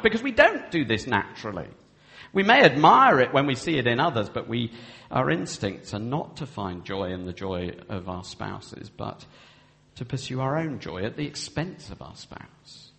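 Here a man preaches about marriage in a mid-range, creaky, slightly bright voice that is very animated at a moderate pace. With earnest delivery he performs the vows as quoted speech, recorded with long hall reverb.

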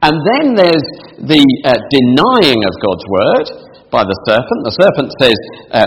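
A man's voice: medium pitch, big pitch swings, a little slow, in a large hall, a little hiss or hum, poor audio. A man preaching a sermon to a congregation, asking them questions and reading scripture aloud.

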